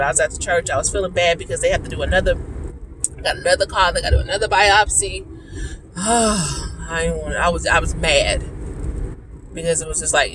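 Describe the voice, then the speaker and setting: A woman's voice: on the low side, expressive, normal speed, recorded from a distance, background noise. A woman giving a casual, earnest personal faith testimony, talking freely with lots of fillers and repeats. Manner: earnest, talkative, repeats herself, fillers like "like" and "you know".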